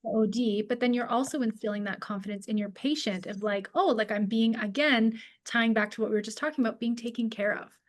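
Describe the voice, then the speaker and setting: A woman co-hosts a webinar conversation, chiming in with quick, agreeable replies and the odd question. Her voice sits a little high. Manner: agreeable, short affirmations. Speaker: co-host.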